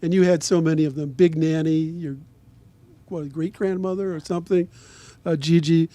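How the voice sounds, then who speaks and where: A man's voice: on the high side, fairly even intonation, moderate pace, warm tone, no echo. A man interviewing an author at a book event, asking engaged, prompting questions. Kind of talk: conversational interview.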